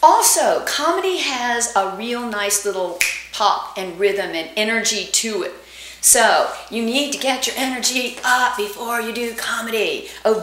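A woman's voice: on the high side, a bit bright, echoey room, a little hiss or hum. A middle-aged woman acting coach giving a casual, bubbly lesson, laughing often and acting out example lines. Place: home studio room with her dog.

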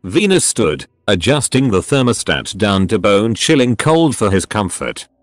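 A man's synthetic text-to-speech voice narrating a story, with even, unhurried reading. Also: lowish voice, dry recording, clean studio sound. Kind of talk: audiobook-style story reading.

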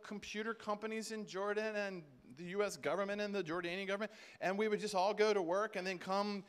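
A man speaking at a Christian conference, telling stories in an animated way and acting out conversations. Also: high-pitched, clear, resonant tone. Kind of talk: storytelling sermon talk.

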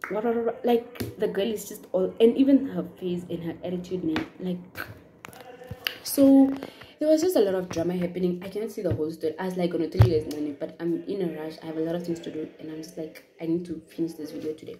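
A woman from Namibia tells a story in a casual vlog at a hair salon. She is animated and repeats words in quick strings. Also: fairly low pitch. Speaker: YouTuber.

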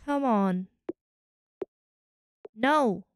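Slow-talking Scottish woman streamer. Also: on the high side, slight background noise. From Scotland. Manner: musing, trying combinations out loud. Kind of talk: casual thinking aloud while playing.

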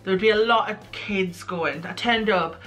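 Bright-voiced British woman telling a story. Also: mid-range voice, normal speed, faint music behind. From United Kingdom. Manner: candid, self-mocking, animated. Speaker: guest. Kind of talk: casual storytelling chat.

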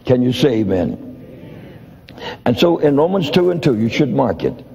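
Older guy preaching, voice jumps all over, warm and mellow, dull lo-fi sound in a big echoey hall. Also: sing-song, normal speed, creaky. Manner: storytelling, acts out dialogues with shifts in pitch. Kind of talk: sermon. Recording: dull lo-fi audio in a reverberant hall.

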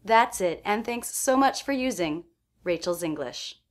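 A woman teaches pronunciation in a clear, precise way. She speaks at a measured pace and repeats each sound she shows, the way a scripted lesson is delivered. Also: mid-range voice, animated.

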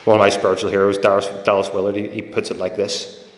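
A man delivers a sermon in a relaxed, conversational way, slipping into stories and acting out quoted voices. His voice sits low, and the church hall around him rings with a long, roomy echo. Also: fast. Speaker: preacher. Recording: echoey hall with long reverb.

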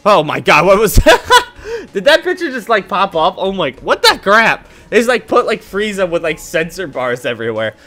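Excitable man with a bright, lively voice. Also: sits high, normal speed. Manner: excitable and goofy, reacting loudly to the game. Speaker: gaming YouTuber. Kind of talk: casual let's-play commentary.

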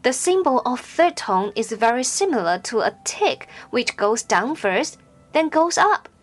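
A high-pitched woman gives a scripted pronunciation lesson at an unhurried pace. She enunciates every syllable with care and draws out her examples. Soft music plays faintly underneath. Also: big pitch swings. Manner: slow, careful, clearly enunciated with drawn-out example syllables. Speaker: Mandarin pronunciation teacher. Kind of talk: scripted instructional narration.

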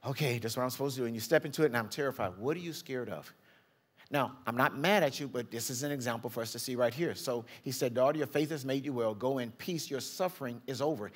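Male pastor, fairly high pitch, chatty sermon delivery with acted-out quotes. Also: fairly bright tone. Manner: conversational preaching, acts out quotes with big pitch jumps.

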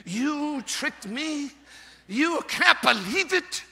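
A male preacher voicing a hungry baby eaglet that yells and complains at its parents in a childish way. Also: extremely high pitch, extremely slow, exaggerated voice. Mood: whiny, indignant. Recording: long church reverb.

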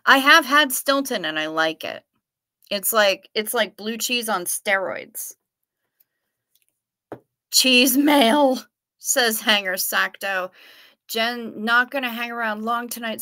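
A woman's voice: mid-range voice, bright, forceful tone, no room sound. A woman with a Minnesota accent hosting a livestream, chatting casually and reading viewer comments aloud in a playful way. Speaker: livestream host.

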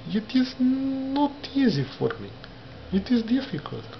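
Male vlogger with a non-native accent, deliberate halting delivery, voice leaping from low to high, dull lo-fi recording. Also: big pitch swings, vocal fry, a little hiss or hum. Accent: non-native English speaker. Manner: slow, halting, carefully pronounced phrases; wide pitch swings from low murmurs to high emphasis. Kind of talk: talking to camera about learning a language. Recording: dull lo-fi sound with faint ambience.

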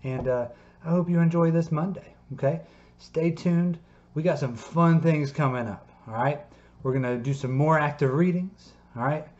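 A man coaching a home PE workout in his basement. He sounds upbeat and encouraging and ends most sentences with a quick "okay?" or "all right?". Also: on the high side, darkish tone. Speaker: PE teacher. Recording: echoey basement, slightly dull sound.

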